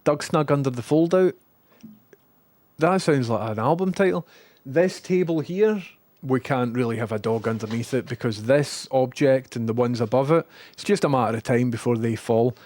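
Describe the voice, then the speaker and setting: A Scottish man streaming from his room at home, chatting casually and talking to his dogs. He switches between a high sing-song voice for the dogs and low muttered asides. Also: normal speed, darkish tone, dry recording.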